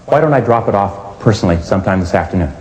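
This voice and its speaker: Male sales trainer, quick and emphatic, acting out phone calls; echoey hall recording. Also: lowish voice, lively intonation, darkish tone. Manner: emphatic, acts out phone dialogues. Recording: echoey hall with long reverb.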